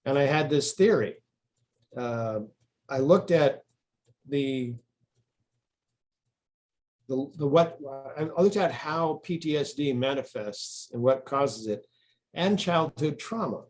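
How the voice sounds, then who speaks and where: A man of middle pitch tells a long story in an interview, wandering from point to point and often restarting his sentences. He sounds like an author talking casually about his work. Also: lively intonation, slow, pauses often, a little mellow. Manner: rambling storyteller, frequent restarts.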